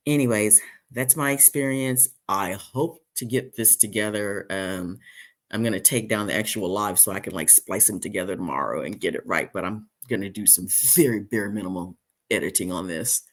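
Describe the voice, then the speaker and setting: A man hosting a casual live-stream chat, rambling with many fillers and restarts, and jumping high when he mimics people. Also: lively intonation, moderate pace. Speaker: host.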